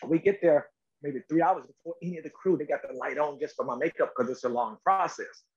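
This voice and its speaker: A middle-aged male actor, a guest on a talk show, tells stories in a lively, emphatic way and acts out quotes. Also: on the high side, a little fast. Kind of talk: animated interview storytelling. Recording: slightly dull lo-fi audio.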